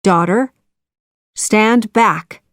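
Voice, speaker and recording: A woman's voice: medium pitch, extremely slow, no echo, clean studio sound, voice pushed up. A woman doing a stern commanding chief. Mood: solemn. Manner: commanding, shouting orders. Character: stern tribal chief, older man, commanding. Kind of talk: children's audiobook reading.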